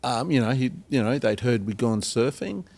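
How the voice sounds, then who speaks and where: An Australian man, a singer-songwriter guest, telling rambling anecdotes with many pauses and acted-out quotes. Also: medium pitch, expressive, darkish tone. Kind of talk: storytelling in a podcast interview.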